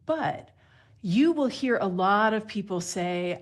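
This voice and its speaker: A woman's voice: medium pitch, animated, takes it slowly. A woman guest on a radio call-in show, explaining language in a friendly, lightly laughing way.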